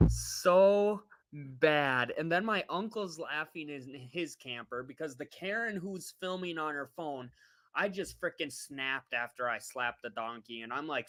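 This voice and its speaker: A woman vlogger telling a travel story in a casual livestream, animated and laughing as she talks to her viewers. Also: low-pitched, unhurried.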